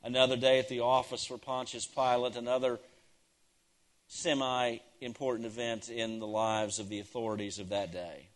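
Male pastor, sermon delivery, mid-pitched voice, emphatic repetition, rises to ringing declarations, drops to hushed tones. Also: flat delivery, moderate pace. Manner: swings from loud declarations to hushed, near-whispered lines; emphatic, repeats key phrases.

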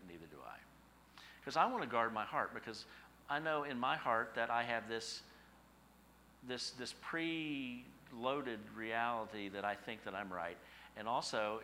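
A middle-aged male pastor preaches in a lowish but bright, forward voice. He draws on folksy, homespun stories and poses rhetorical questions to his listeners, a faint hiss of noise behind him.

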